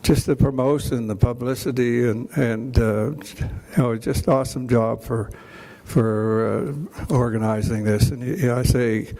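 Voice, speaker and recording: An older Canadian man with a Canadian accent, giving an emotional, halting acceptance speech at a hall of fame ceremony, full of restarts. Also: mid-range voice, steady tone, mellow. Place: banquet hall.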